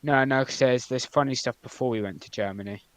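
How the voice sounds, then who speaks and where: A man's voice: mid-range voice, low-quality recording. Rambling young man telling stories. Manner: rambling, lots of ums and likes, quick swings in loudness. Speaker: podcast co-host. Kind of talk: casual storytelling chat.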